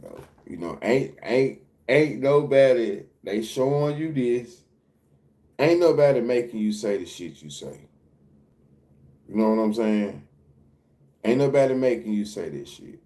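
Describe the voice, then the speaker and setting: A man's voice: on the low side, expressive, measured pace, dark tone. A man hosting a livestream, talking loosely and repetitively in casual, profane slang. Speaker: livestream reaction host.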